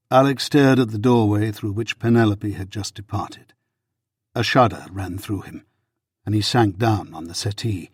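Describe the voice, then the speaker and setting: A man narrating a romance audiobook in a steady, unhurried manner, with a husky voice. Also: on the low side, dry recording, clean studio sound.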